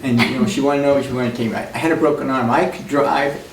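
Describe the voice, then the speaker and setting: A man's voice: medium pitch, fairly even intonation, fast. A man speaking at a memorial, telling rambling folksy stories and laughing often. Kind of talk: anecdotal storytelling at a memorial. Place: memorial service room. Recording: distant mic in an echoey hall with noise.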